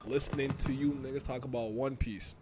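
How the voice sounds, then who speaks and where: A man in casual chat with friends, talking in an animated, mocking way and stretching words out for emphasis. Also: medium pitch, a little fast, background noise.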